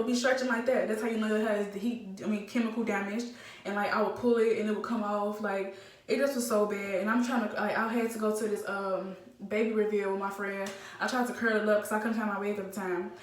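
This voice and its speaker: A young woman telling a casual storytime vlog, animated and slangy with lots of fillers. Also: mid-range voice. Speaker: vlogger. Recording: roomy, slightly distant phone mic.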